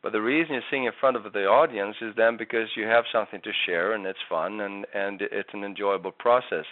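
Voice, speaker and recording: A man's voice: fairly low pitch, fairly quick, no room sound. A man giving a singing lesson, patiently explaining vocal technique with frequent restarts. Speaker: singing teacher. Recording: tinny phone-like audio.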